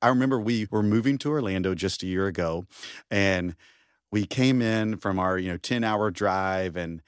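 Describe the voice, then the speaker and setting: Middle-aged man, low voice, earnest podcast guest, dry close mic. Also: normal speed, clear, resonant tone, no echo. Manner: earnest, passionate, self-reflective. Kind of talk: faith podcast conversation.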